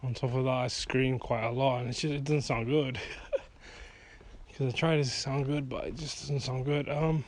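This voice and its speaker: Walking outdoors at night, a vlogger and songwriter rambles frankly in a casual monologue, swearing freely as he gets heated. His mid-range voice stays steady at a normal pace, with a little hiss or hum on the recording.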